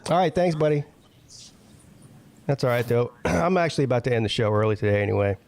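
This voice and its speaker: A man's voice: mid-range voice, fast, vocal fry, a little mellow. A man hosting a casual live-stream talk show, bantering loosely with his co-hosts and laughing often. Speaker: host.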